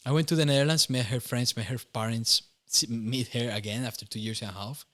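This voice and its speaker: A man's voice: mid-range voice, steady tone, brisk, few pauses, a bit bright. A young man from Costa Rica with a Costa Rican Spanish accent, telling his personal testimony in an interview, earnest and often laughing, correcting himself mid-sentence. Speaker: interview guest.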